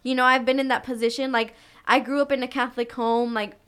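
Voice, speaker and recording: Earnest, chatty woman co-host; slightly high pitch; casual faith talk. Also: little pitch movement, quick pace, fairly bright tone, clean tone. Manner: earnest, chatty, many fillers.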